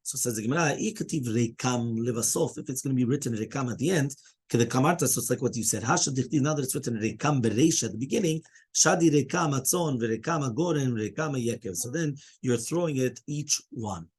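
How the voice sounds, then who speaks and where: A man teaches a Talmud class in an animated style, peppering his English with Hebrew and Aramaic terms and constantly asking "okay?" and "right?" His voice is medium-pitched and husky, and he talks fast.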